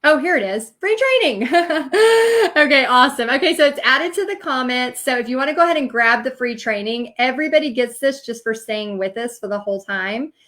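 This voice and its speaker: Earnest woman, slightly high voice. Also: a little fast, hardly any pauses, pushed and bright. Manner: earnest, emotional, rambling with many fillers. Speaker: online business coach. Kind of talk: live-streamed training talk.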